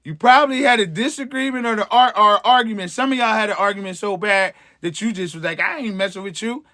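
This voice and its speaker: A man with a high-pitched, pushed, bright voice talks fast while hosting a livestream as an empowerment coach. He encourages his viewers in a preachy, motivational way, using slang and chuckling often.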